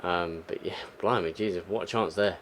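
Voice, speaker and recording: This young man, a gaming YouTuber, narrates his football video game play live with a deep, slightly bright, steady voice at a moderate pace. Frustration drives him from muttering into exclamatory outbursts.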